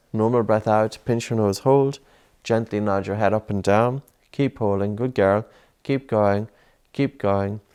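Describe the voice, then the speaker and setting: A man coaching a child through breathing drills, with a voice that sits on the low side. He is patient and encouraging, and he keeps up a steady run of soft, repeated prompts.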